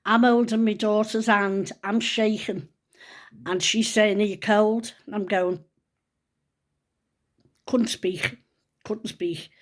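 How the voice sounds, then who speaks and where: Older woman, emotional storyteller, hushed and close to tears. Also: medium pitch, steady tone, takes it slowly, long pauses. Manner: hushed and tearful at times, drops to whispers. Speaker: grandmother telling a personal story.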